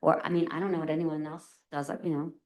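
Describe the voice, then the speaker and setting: Low-voiced woman on the council, brisk. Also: little pitch movement, darkish tone. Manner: brisk, direct short replies. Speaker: council member. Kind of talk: council meeting exchange.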